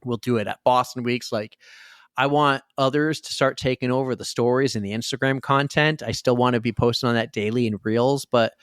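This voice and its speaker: A man co-hosting a podcast in casual chat, telling a story and acting out the quotes with big jumps in pitch. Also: fairly even intonation, brisk, a bit bright, clear, resonant tone, no echo, studio quality. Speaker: podcast co-host.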